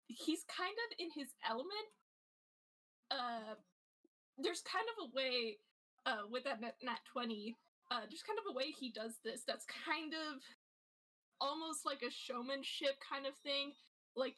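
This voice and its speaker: A woman's voice: high-pitched, a little slow, bright, forceful tone, rough recording. A woman narrating her character in a casual tabletop role-play, giggly and full of little fillers. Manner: giggly, lots of fillers and restarts. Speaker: player.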